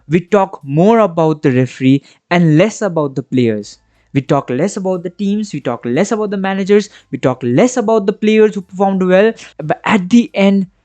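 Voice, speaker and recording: A football reaction vlogger, a man whose voice sits on the high side and is a little mellow, rants passionately and with exasperation. The recording has no echo, and he frequently checks in with his audience using tag questions.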